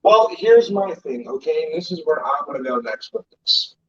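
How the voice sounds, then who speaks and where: Fired-up guy swearing nonstop, husky high voice, kinda muffled lo-fi sound from his bedroom. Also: expressive, moderate pace. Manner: profane, agitated, ranting. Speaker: co-host. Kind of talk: angry political rant. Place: bedroom at home. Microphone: distant from mic. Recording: dull lo-fi audio.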